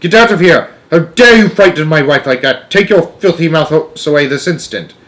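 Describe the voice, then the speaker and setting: A man voicing a blustering, hot-tempered father who shouts often, in a storybook reading. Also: mid-range voice, big pitch swings, fairly quick, close to an everyday voice. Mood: furious. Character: blustering short-tempered middle-aged father.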